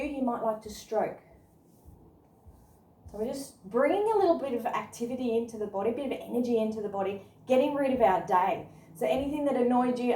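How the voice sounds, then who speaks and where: A woman guiding a yoga class through movement and body awareness, speaking in an encouraging, gently instructive way. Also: fairly high pitch, a little hiss or hum. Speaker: yoga and meditation teacher. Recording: roomy sound from a distant mic.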